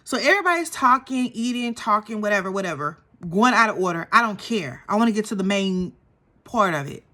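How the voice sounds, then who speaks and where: A woman's voice: medium pitch, a little fast. A young woman, chatting casually and gossiping as she recaps a reality show. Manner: animated and gossipy, acts out quotes.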